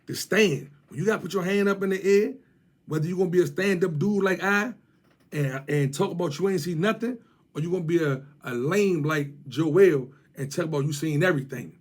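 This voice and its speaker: A man's voice: fairly high pitch, a little fast. A man with a Washington DC area accent, ranting and mocking someone to camera in heavy street slang, repeating his jabs. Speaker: vlogger.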